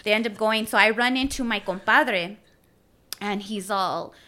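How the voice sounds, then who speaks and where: Bright-voiced woman telling stories. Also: mid-range voice, a little slow. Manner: animated, swearing, acts out quotes. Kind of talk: casual storytelling chat.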